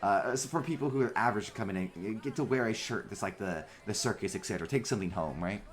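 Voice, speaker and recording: Man, game master, narrating tabletop game, halting, fillers, lowish voice.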